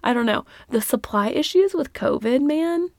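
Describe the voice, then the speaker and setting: A woman co-hosting a podcast in casual chat, animated and laughing often, with the hiccups, recorded in a small closet. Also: high-pitched, moderate pace, no room sound, clean studio sound. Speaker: podcast co-host.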